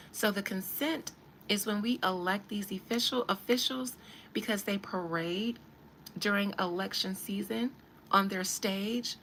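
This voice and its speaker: A woman's voice: medium pitch, gravelly, fairly bright tone, a little hiss or hum. A woman hosting a podcast, giving casual commentary in an emphatic, preachy way and talking straight to her listeners. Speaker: podcast host.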